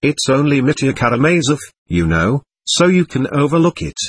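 A man voicing an excitable, proud nobleman under police questioning, talking on and on in a defiant way. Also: medium pitch, moderate pace, husky, dry recording. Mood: defiant, voluble. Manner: voluble, defiant, laughing nervously.

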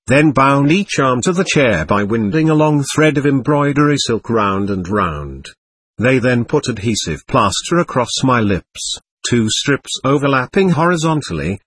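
A man giving a measured, matter-of-fact first-person account of a seance, read aloud. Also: medium pitch, a bit bright, breathy edge, dry recording. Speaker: medium recounting a seance.

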